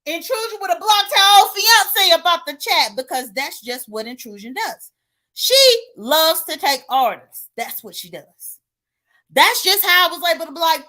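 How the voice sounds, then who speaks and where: A woman doing sassy, animated gossip commentary, greeting viewers by name and laughing between points. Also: very high-pitched, normal speed. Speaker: livestream commentator.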